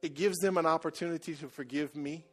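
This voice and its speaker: Preacher man rising to a shout. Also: on the high side, steady tone, fast talker, breathy edge. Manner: swings from quiet confessional murmur to loud building exhortation. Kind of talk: sermon. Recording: soft music behind.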